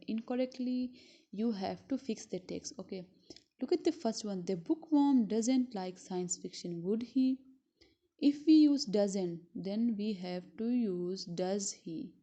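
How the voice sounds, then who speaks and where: A woman teacher from Pakistan giving a school lesson, speaking slowly and repeating words syllable by syllable. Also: medium pitch, warm tone. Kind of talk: recorded classroom lesson. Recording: dull lo-fi recording.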